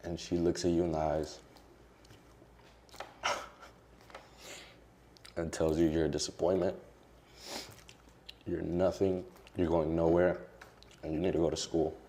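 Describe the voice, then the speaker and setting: A man's voice: low voice, level tone, unhurried, pauses often, dark tone, a little hiss or hum. A young man, a social media creator, talking candidly and emotionally in an interview, with lots of casual fillers. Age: young adult.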